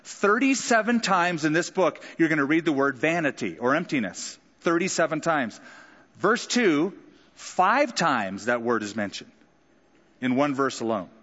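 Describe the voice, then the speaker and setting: A man's voice: a little high, very animated, unhurried, fairly bright tone, big-room sound, highs cut off. A man preaching a sermon in a conversational way, acting out quoted lines with dramatic flair. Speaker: pastor.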